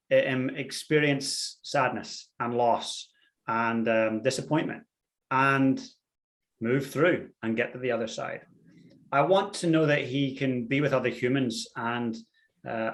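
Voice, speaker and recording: A man from Ireland, a podcast guest talking earnestly and thoughtfully. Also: medium pitch. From Northern Ireland. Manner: reflective, earnest, hesitant fillers. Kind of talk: conversational interview.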